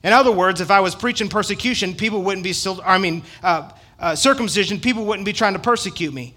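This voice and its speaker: A man preaching a sermon to his church, emphatic and swinging between loud passages and hushed asides, quoting scripture and joking with the congregation. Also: high voice, fast. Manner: quotes scripture with rising passion, jokes with the congregation. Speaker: pastor.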